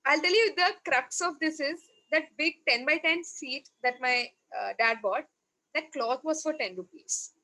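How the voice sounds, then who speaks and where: A woman with an Indian English accent, a podcast guest telling a story in casual conversation, animated, laughing often and acting out dialogue. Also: sits high, measured pace, poor audio. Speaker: podcast guest, marketing head.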